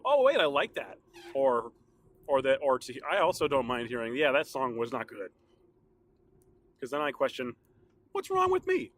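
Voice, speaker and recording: A man with a medium-pitched, somewhat bright voice hosts his own podcast, chatting by himself in a casual, meandering way with lots of laughter. His throat sounds a little sore, and there's a little hiss or hum in the recording.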